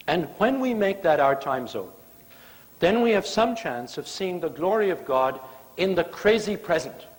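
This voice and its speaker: Lively preacher man in a reverberant church. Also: fairly high pitch. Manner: storytelling with playful, acted-out quotes. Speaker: guest preacher. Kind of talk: sermon. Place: church sanctuary.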